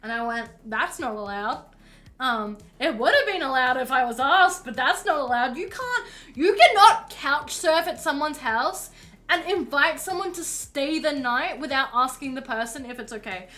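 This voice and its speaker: A woman's voice: sits high, lively intonation, normal speed, pushed and bright. A woman streamer telling a story casually, rambling along with plenty of fillers while she paints at home.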